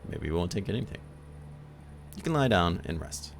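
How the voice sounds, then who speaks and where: A man's voice: sits low, sing-song, normal speed, a little hiss or hum. A man voicing a burly Russian-accented thug who is menacing with false friendliness. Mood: mocking. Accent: Russian, put on.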